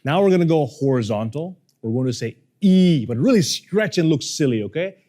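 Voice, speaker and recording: Animated male speaking coach, warm voice. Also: a little high, a little fast. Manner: animated, acts out quoted people. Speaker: communication coach. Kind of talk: workshop lesson.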